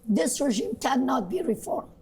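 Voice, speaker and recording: A woman with an Iranian accent speaking hoarsely after losing her voice, giving an impassioned live TV interview as a guest journalist. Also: high-pitched, very animated, normal speed, mellow. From Iran. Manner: impassioned, emphatic. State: hoarse, lost voice.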